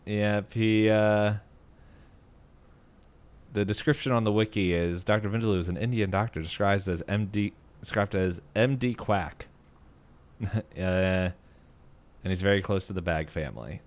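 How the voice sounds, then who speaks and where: Podcast co-host, male, low and smooth voice, rambling casual recap full of fillers and chuckles. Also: measured pace, long pauses.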